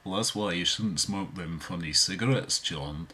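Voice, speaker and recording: A man's voice: deep voice, normal speed, pushed and bright, breathy edge, full character voice. A man impersonating a prim 1960s rock musician, who scolds. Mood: scolding.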